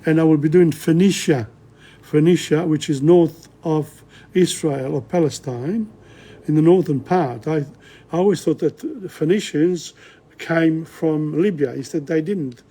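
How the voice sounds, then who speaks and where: Slow and chatty, this older language teacher rambles through a casual lesson at home and keeps correcting himself. He sounds a little high, mellow and husky.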